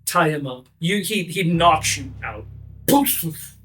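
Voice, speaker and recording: A man's voice: a little high, takes it slowly, slightly rough. A man narrating vividly as game master of a tabletop game. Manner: vivid, energetic narration with frequent fillers.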